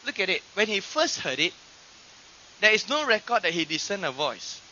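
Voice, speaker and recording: A man preaching a sermon in a high, very bright, cutting voice. He swings between loud, stretched-out lines and hushed asides, with fillers and restarts as he addresses the congregation. The sound is dull and lo-fi, like an old archive recording. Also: very animated, normal speed, slight background noise.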